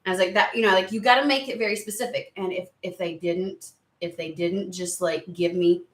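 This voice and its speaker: A woman chatting excitedly and rambling on tangents during a spiritual card reading video. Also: on the low side, brisk. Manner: excitable, rambling, lots of exclamations. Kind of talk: casual chatty reading vlog. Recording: roomy echo.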